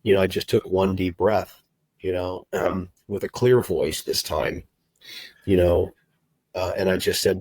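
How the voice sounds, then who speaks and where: Low-voiced man telling a heartfelt story. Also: steady tone, darkish tone, no room sound, poor audio. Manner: heartfelt, halting, many "you know" fillers and restarts. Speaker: guest, recruiter and agency owner. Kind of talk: personal storytelling in a podcast interview.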